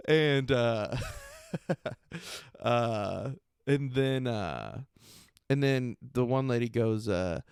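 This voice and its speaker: A young man spins a loose, profane story about a comedy gig, laughing as he goes and mimicking people in a high, mocking voice. His voice is smooth and clear at a middling pitch, and the recording is dry and close. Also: takes it slowly, dry recording. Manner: animated, laughing, acts out quotes in a mocking raised voice. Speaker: podcast host and stand-up comedian. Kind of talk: casual storytelling monologue.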